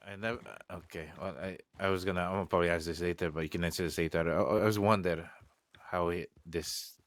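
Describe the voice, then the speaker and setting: A man in a live game roleplay, talking in halting, stammering questions. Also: sits low, fairly even intonation. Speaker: roleplay partner. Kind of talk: live gaming roleplay chat.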